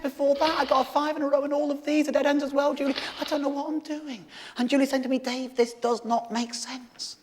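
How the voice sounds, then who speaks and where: British male stand-up, high and excitable, punchlines yelled, noisy live-show sound. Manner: excitable, swearing, shouting punchlines. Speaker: stand-up comedian. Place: theatre stage with audience laughter.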